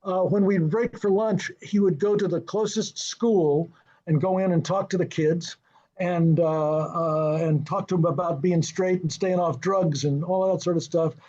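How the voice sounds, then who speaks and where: An older man with a fairly high voice tells stories from a film set, animated and chuckling, slipping into the voices of the people he quotes. The sound is a little dull and lo-fi. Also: unhurried. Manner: lively, acts out quoted dialogue, chuckles often. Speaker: film and television director, interview guest. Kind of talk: anecdotal storytelling in an interview.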